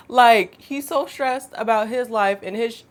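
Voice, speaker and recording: A woman, telling a storytime vlog in a chatty, animated way with laughing asides. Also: on the high side, slow pace. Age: 20s. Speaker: storytime vlogger. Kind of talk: casual storytime monologue.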